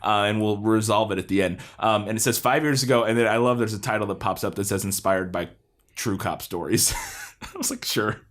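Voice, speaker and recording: A man's voice: fairly low pitch, a little fast, a bit bright. A man co-hosting a podcast, recapping a film in casual chat with swearing and laughter. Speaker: podcast co-host. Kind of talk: casual movie-review chat.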